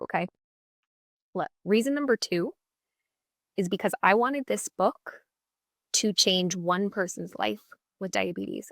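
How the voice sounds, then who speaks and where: A woman's voice: mid-range voice, vocal fry, fairly bright tone, no room sound, clean studio sound. A woman in her twenties hosting a podcast, telling a personal story in a chatty, upbeat way and acting out the dialogue she quotes. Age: 20s. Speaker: podcast host. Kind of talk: casual solo storytelling.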